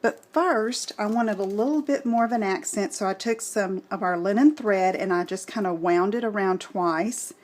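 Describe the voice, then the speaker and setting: A woman hosting a craft tutorial, gently explaining each step as she works. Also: medium pitch, normal speed, hardly any pauses.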